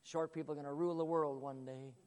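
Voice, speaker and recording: A man's voice: fairly high pitch, fairly even intonation, quick pace, a little mellow, clean tone, big-room sound. A man preaching a sermon in an emphatic, dramatic way.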